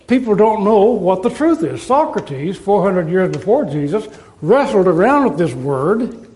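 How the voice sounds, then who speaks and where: A man preaching a sermon as pastor, earnestly listing scripture verses and slowing down to stress quoted words. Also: sits high, a little mellow, poor audio.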